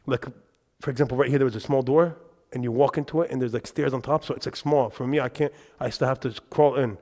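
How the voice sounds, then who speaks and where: A man giving a religious lesson in a mosque, telling lively anecdotes with quick asides. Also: mid-range voice. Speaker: religious teacher. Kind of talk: storytelling lesson to a congregation. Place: mosque hall. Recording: reverberant mosque hall.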